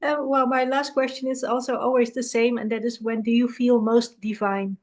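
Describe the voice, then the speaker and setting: A woman hosting a casual interview, chatty and giggly, with quick affirmations. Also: on the high side, level tone. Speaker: host.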